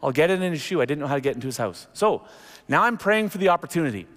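Animated pastor preaching in a reverberant hall. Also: male voice, a little high, very fast. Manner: animated storytelling, jumps into acted quotes. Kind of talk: sermon. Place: church sanctuary. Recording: long reverb of a large hall.

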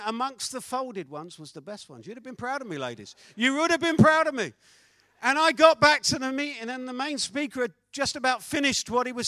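A man preaching a sermon, telling a story with animated swings between loud declarations and hushed asides. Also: extremely high pitch, no room sound.

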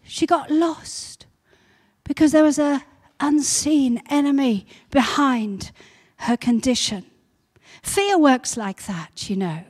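A woman pastor giving a sermon, building to loud repeated emphasis. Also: high voice, lively intonation, takes it slowly.

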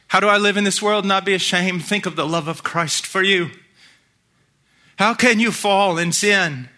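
A middle-aged man preaching a sermon, moving between hushed, intense passages and shouted emphasis. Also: high-pitched.

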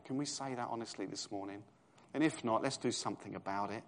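A man's voice: fairly low pitch, quick pace. A man in his fifties with a London East End accent, preaching a sermon in a conversational tone that rises to emphatic proclamation.

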